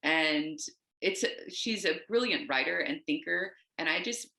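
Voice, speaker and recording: A woman poet from the United States, a guest on a video call, talking in a discursive, animated way and wandering onto tangents. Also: low-pitched, unhurried, creaky, reverberant. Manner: animated, acts out quoted voices. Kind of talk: casual conversation.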